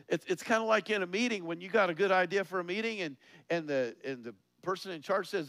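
A man preaching a conversational sermon, laughing often and asking his listeners questions, rising in pitch and volume on key points. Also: normal speed, fairly bright tone, no echo.

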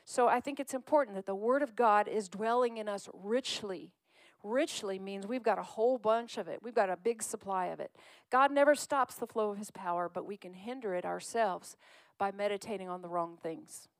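A woman delivers a sermon in a chatty, coaxing way, drawing her listeners in as if she were talking with them rather than at them. Her pitch sits in an ordinary middle range. The recording is dry and close, with no room echo. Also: normal speed. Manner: conversational, coaxes the congregation to call out scriptures. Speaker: preacher.

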